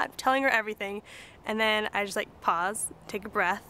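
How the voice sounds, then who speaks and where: A young woman telling a story in a casual, excitable way, with lots of "like". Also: mid-range voice, fast. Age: young adult. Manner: excitable and chatty, full of "like".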